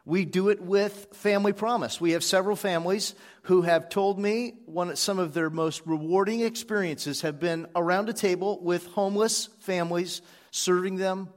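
A man, one of the church's pastors, preaching a sermon to his congregation in a relaxed storytelling way, with frequent "uh" fillers. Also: high voice, in a large hall. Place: church sanctuary.

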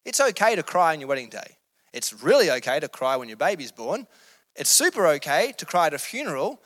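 A man's voice: fairly high pitch, sing-song, a little fast, fairly bright tone, long reverb tail. A man preaching a sermon in an earnest, emphatic, conversational way.

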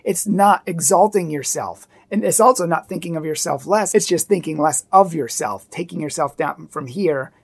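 A woman's voice: deep voice, normal speed, vocal fry, few pauses, husky. A woman giving an earnest, emphatic Catholic teaching talk, acting out the attitudes she describes. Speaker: Catholic speaker.

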